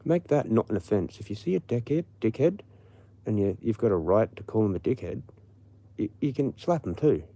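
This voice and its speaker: Brief: Australian man, livestream host, low mellow voice, rambling profane rant. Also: expressive, normal speed, dry recording. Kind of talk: late-night casual rant.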